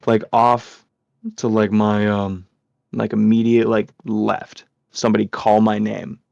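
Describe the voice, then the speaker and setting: A man's voice: on the low side, gravelly, darkish tone, dry recording. A man hosting a podcast, telling a story casually, rambling with lots of swearing and filler words. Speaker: podcast host. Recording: dull lo-fi sound.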